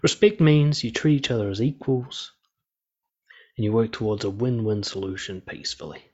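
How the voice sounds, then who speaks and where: A man talking in a casual monologue about conflict and respect, frank and profane but calm and steady. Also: fairly low pitch, normal speed, breathy edge. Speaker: speaker on relationships and conflict. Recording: slightly dull lo-fi sound.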